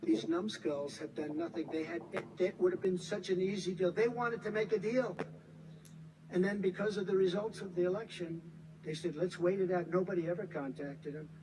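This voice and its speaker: A man's voice: high-pitched, normal speed, noisy background. An American man in his seventies giving a rambling, repetitive, emphatic campaign rally speech from a podium. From United States. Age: 70s. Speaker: politician.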